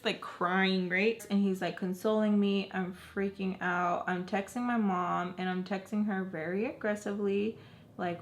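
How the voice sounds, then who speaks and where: A young adult woman vlogger chatting through a storytime, retelling events in an animated, casual way full of likes. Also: mid-range voice, normal speed.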